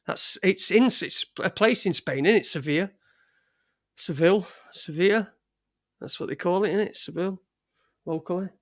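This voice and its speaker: A man's voice: high voice, a little fast, a bit bright, no echo, studio quality. A middle-aged man with a Yorkshire accent, hosting a casual livestream with rambling, crude, joking chat. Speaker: livestream host. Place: home studio in front of a green screen.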